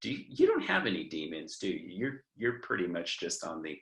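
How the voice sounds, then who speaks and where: Bright teacherly guy talking things through earnestly, kinda low pitch. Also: wildly swooping pitch, brisk, gravelly, roomy sound. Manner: earnest, explanatory, frequent restarts. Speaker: theology professor. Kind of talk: webinar talk.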